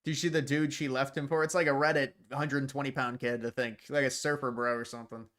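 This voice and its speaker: A man's voice: medium pitch, flat delivery, quick pace, fairly bright tone. A man hosting a livestream, reacting to chat in blunt, profane, sarcastic rants. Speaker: livestream host. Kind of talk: casual livestream commentary.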